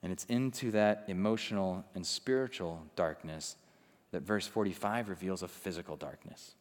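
A man preaching a sermon, swinging from loud intensity to hushed quiet and acting out the people he quotes. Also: deep voice, moderate pace, long reverb tail. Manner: acts out quoted people in conversational asides. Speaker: pastor.

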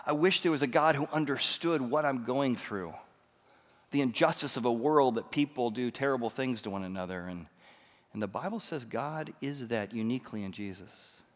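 A pastor delivers a sermon from the pulpit, his medium-pitched voice lively in intonation and moderate in pace. He drops to a near hush for stories, then climbs into loud, emphatic preaching, and the large sanctuary gives his words a long reverb.

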